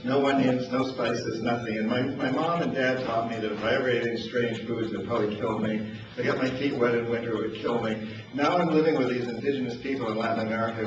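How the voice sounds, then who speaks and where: An older man from New Hampshire spins personal anecdotes, chuckling and stumbling over repeated words as he talks. His voice sits at an ordinary pitch but comes from well off the mic. It is caught in a very echoey space with a dull, lo-fi sound and a clear hiss of noise underneath. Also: recorded from a distance. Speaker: speaker telling stories. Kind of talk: storytelling talk.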